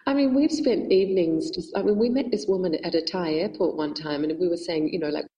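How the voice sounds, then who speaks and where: Lively woman guest with a mellow voice. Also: lowish voice, a little fast, dull audio, a little hiss or hum. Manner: animated, laughs often. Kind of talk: casual storytelling chat.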